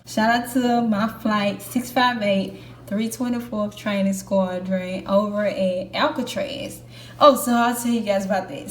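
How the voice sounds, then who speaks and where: In an echoey room with a faint hum behind her, a young Air Force trainee vlogger speaks candidly and casually to camera. Her medium-pitched voice has a darkish tone, and she uses plenty of fillers.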